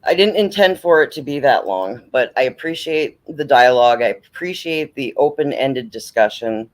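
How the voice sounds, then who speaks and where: A man's voice: mid-range voice, animated, moderate pace. A man hosting a late-night livestream in casual chat, blunt, profane and preachy. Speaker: livestream host.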